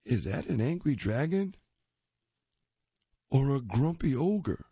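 A man's voice: mid-range voice, sing-song, slow pace, dark tone, slightly rough, dry recording, highs cut off. A man reading children's comic strips aloud in a playful, jokey way, doing voices for the characters.

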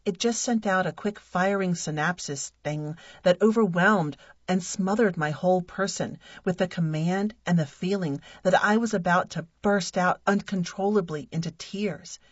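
Wry, slow-reading woman narrator. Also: lowish voice, slightly rough, dry recording. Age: adult. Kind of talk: reading a humorous personal essay. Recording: dull lo-fi dry recording.

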